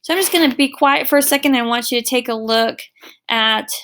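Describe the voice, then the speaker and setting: A woman's voice: a little high, a little fast, fairly bright tone, a little hiss or hum. A middle-aged woman teacher giving a recorded online lesson, explaining patiently with everyday examples.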